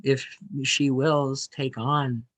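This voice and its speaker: A man's voice: mid-range voice, level tone, extremely slow. A man, a student, sharing a comment in class over a video call, hesitant and full of ums and likes. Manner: hesitant, many ums, likes and sort ofs.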